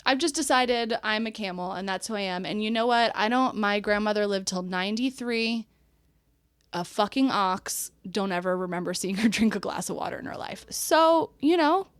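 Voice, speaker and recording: A woman's voice: mid-range voice, normal speed, clear, resonant tone, dry recording, clean studio sound. A middle-aged woman hosting a podcast, chatting frankly and swearing freely. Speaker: podcast host. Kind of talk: casual chat.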